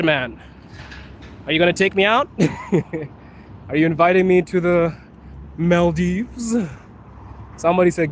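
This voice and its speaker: A man's voice: a little high, a little slow, long pauses. A man casually chatting on a live stream, answering viewer questions, laughing often and calling viewers bro. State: coughing from allergies. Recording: faint street and traffic noise.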